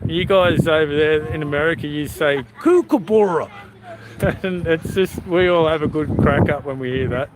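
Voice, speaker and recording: An Australian dad in middle age talks in a loose, rambling way and laughs often. His voice sits a little high. Steady background noise comes through the recording from inside his car. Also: normal speed, few pauses. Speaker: channel host, father. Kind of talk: casual chat with livestream viewers while driving. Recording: noisy outdoor background.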